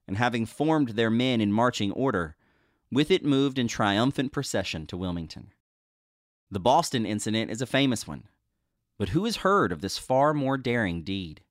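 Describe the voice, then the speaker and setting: A man reads an old ghost story aloud as host, measured and expressive. His pitch sits in the middle range. The recording is dry and close. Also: dry recording. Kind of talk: dramatic reading of a ghost story.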